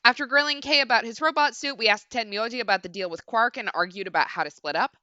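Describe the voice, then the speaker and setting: A woman's voice: fairly high pitch, fast, pushed and bright, dry recording. A young woman streaming a video game, chatting casually and swearing freely. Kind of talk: casual let's-play commentary. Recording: dull lo-fi stream mic.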